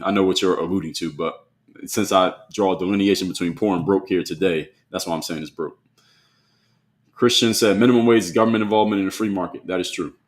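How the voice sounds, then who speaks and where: A man hosting a solo live stream, reading chat comments aloud and pushing back on them bluntly in a conversational way. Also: low voice.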